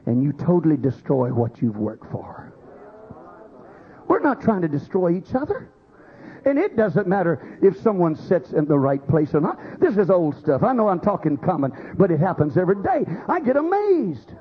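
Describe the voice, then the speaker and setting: A man's voice: high voice, big pitch swings, moderate pace, slightly rough, lo-fi sound. A man preaching a sermon, acting out quoted voices as he goes. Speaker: pastor.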